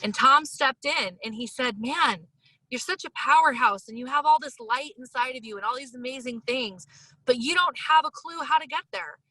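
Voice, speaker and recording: A woman hosting a casual interview chat, talking in an emotional, enthusiastic and expressive way. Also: high-pitched, normal speed, no echo, poor audio. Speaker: podcast host.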